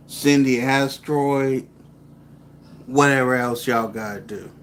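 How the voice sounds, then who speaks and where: A man's voice: medium pitch, fairly even intonation, slow pace, long pauses, fairly bright tone, a little hiss or hum. A man co-hosting a reaction video, dry and mocking with insulting asides. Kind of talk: casual commentary on a clip.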